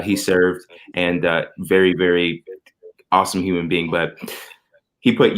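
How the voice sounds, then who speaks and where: A deep-voiced man in his thirties speaks as a guest on a podcast, earnest and thoughtful. He reflects on fatherhood, circling back and restarting as he works his thoughts out. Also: fairly bright tone. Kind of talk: conversational interview.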